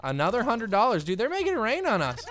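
A young man giving excitable, rambling let's-play commentary with frequent laughter. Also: high voice, fast. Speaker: gaming YouTuber.

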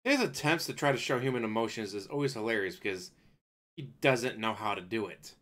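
A man's voice: fairly low pitch, expressive, a little fast, fairly bright tone. A man hosting a reaction video, talking in a sarcastic, mocking way and swearing now and then. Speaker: reaction channel host.

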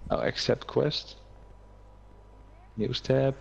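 A man with a Dutch accent, chatting casually while streaming a game, excitable and prone to stammered restarts. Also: medium pitch, drawn-out words, gravelly, husky. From Netherlands. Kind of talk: casual gaming chat. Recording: dull lo-fi mic, faint noise.

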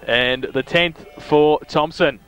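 An Australian man calling football play-by-play on local radio, climbing in pitch as goals come. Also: slow, a bit bright, smooth, soft background music. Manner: rises sharply in pitch when goals are kicked, laughs often. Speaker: play-by-play commentator. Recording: dull lo-fi broadcast sound.

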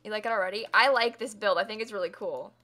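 Bright, bubbly young woman streamer. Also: mid-range voice, fast talker. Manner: bubbly, chatty, laughs often, thanks viewers effusively. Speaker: game streamer. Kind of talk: casual live-stream chat. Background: faint music and keyboard typing.

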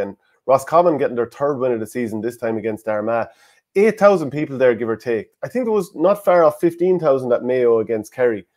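An Irish man co-hosting a relaxed sports talk show at a mid pitch. He is opinionated and gives firm views. Between them, he reads listener comments aloud. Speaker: podcast co-host. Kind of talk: casual sports chat.

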